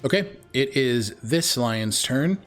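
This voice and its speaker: A man acting as game master on a video call, relaxed and affirming as he runs turns. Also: mid-range voice, soft background music. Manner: relaxed, affirming, quick to say okay. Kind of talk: running a tabletop game.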